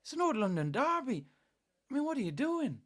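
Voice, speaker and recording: A man's voice: very high-pitched, sing-song, brisk, fairly bright tone, pitched above the performer's own voice, full character voice. A man imitating a blunt, scolding Irish football pundit with a Dublin accent. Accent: Dublin Irish, put on.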